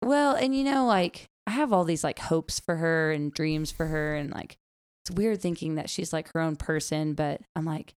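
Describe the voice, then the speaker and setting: A young woman in casual chat, talking about being a mother in an animated way, with lots of "like" fillers and quoted lines in a high voice. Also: moderate pace, clean tone.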